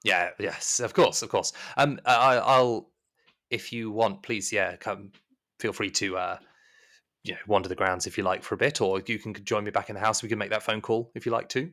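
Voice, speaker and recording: A man's voice: on the low side, steady tone, moderate pace, a bit bright, close to an everyday voice. A man voicing an older male house servant who speaks courteously and hesitantly.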